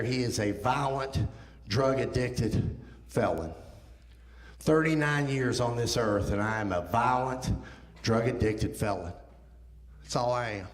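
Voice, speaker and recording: In a church sanctuary full of echo, a man in his thirties delivers his testimony as a guest speaker. His medium-pitched voice tells the story with fervor, swelling almost to a shout at the high points.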